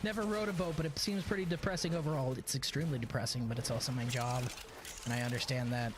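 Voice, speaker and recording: A man streaming a game, telling a story in a sarcastic, animated way and often chuckling as he plays. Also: mid-range voice, fast, background noise. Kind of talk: casual gameplay commentary and storytelling.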